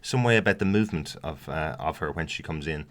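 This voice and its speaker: An extremely low-pitched but somewhat bright and expressive voice belongs to a podcast co-host from outside the US, who talks a little fast about a TV episode. The review is casual, and he hesitates often, using many fillers and starting sentences over.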